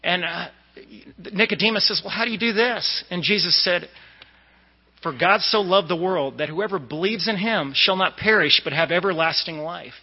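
A man's voice: sits high, normal speed, breathy edge. A man from the Boston area giving a conversational sermon, with asides and plenty of fillers. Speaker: lay preacher. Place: church sanctuary. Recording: dull echoey church recording.

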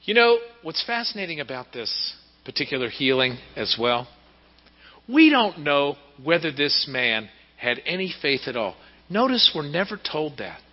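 A male pastor preaching a sermon in an animated storytelling manner, heard in a church hall on a dull recording. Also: on the high side, normal speed. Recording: reverberant hall, dull lo-fi sound.

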